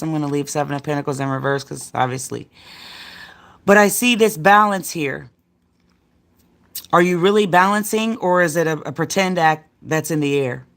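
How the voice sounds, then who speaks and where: Chatty, rambling middle-aged woman reading tarot. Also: sits low. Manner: rambling, slangy and chatty, calling the viewer "baby" and "my dear". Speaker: tarot card reader. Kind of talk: casual tarot reading livestream.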